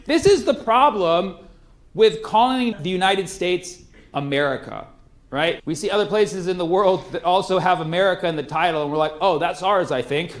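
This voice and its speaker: A man's voice: high-pitched, normal speed. A man performing a stand-up comedy routine in a loose, conversational way with sarcastic asides.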